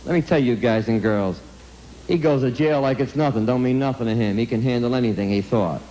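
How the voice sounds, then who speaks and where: A man's voice: mid-range voice, brisk, mellow, slight background noise, low-quality recording. A man giving an impassioned anti-drug lecture to students, telling a story dramatically and pleading emphatically. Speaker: speaker addressing students.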